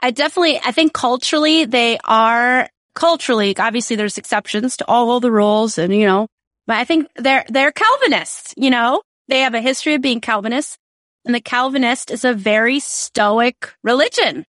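Animated woman on a podcast, highish voice, dry close sound. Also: normal speed, dry recording. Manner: animated storyteller, acts out quoted voices. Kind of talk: casual conversation.

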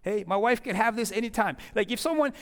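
A man's voice: high voice, fast talker. A middle-aged man, a pastor, giving a conversational sermon in a church and leading a fervent closing prayer. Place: church hall. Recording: long hall reverb.

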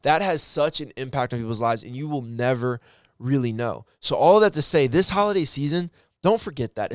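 A man's voice: medium pitch, dry recording, clean studio sound. Rambling earnest man telling a story. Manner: rambling, with frequent restarts and self-corrections; earnest and encouraging. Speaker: storyteller addressing viewers. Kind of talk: casual heartfelt storytelling.

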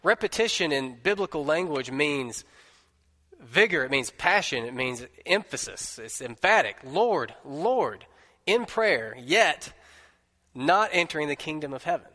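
A man's voice: a little high, animated, unhurried, pushed and bright. A man, a pastor, preaching an emphatic sermon to his congregation. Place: church sanctuary. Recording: long reverb of a large room.

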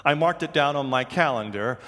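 A man's voice: mid-range voice, fairly quick, sharp tone, long reverb tail. A man preaching a sermon, telling stories and acting out the voices of the people he quotes. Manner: storytelling, acts out quoted voices. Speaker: pastor.

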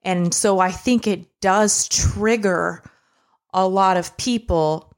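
A woman's voice: medium pitch, takes it slowly. A young woman co-hosting a podcast, telling a personal story in a candid, emotional, conversational way. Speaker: podcast co-host. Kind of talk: casual chat.

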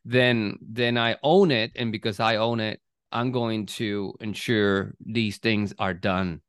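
A man chatting as co-host in a measured, reflective way, often checking in with "right?". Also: fairly low pitch, fairly even intonation, clear, resonant tone, dry recording, studio quality. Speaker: podcast co-host. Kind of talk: casual conversation.

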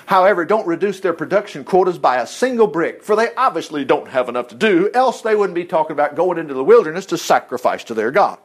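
Man putting on a scornful pharaoh, barking orders, high voice, swooping lively delivery. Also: fast, few pauses. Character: proud scornful Egyptian king, male adult.

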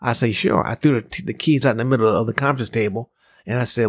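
Measured man giving a sales pep talk. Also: mid-range voice, fairly even intonation, dry recording, studio quality. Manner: measured, repetitive, acts out dialogue in his story. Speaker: sales trainer and podcast host. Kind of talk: motivational talk with a personal story.

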